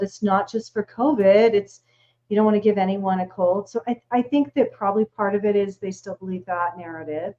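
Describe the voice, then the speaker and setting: Wry woman guest with deadpan asides, dull lo-fi line. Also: mid-range voice. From United States. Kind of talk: casual conversation.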